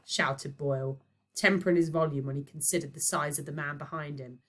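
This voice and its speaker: A woman, a primary teacher, reading a children's novel aloud with expressive storytelling. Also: deep voice, moderate pace.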